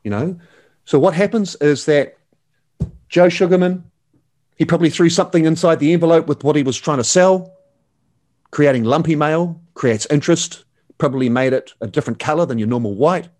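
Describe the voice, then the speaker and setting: A man's voice: fairly high pitch, darkish tone. Enthusiastic man, slangy. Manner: enthusiastic, slangy, calls the host mate. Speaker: guest. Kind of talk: casual interview chat.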